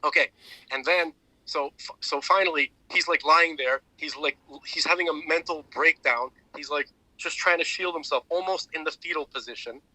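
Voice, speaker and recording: A man with a very bright, keen-edged voice talks in a casual podcast chat. He rambles in an animated way and restarts his sentences often. The sound is close and dry, with no room around it. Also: fairly high pitch, normal speed, dry recording, low-quality recording. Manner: rambling, animated retelling with many restarts and fillers. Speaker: podcast co-host.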